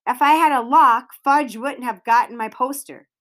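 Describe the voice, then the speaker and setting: A woman's voice: high voice, moderate pace, a bit bright. A woman voicing an earnest fourth-grade boy who talks in an earnest, pleading way.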